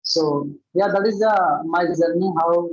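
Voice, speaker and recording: A man's voice: fairly high pitch, measured pace, lo-fi sound. A man from India speaks hesitantly and politely as a learner, repeating himself and addressing his partner as sir. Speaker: English learner. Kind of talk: conversational English practice session.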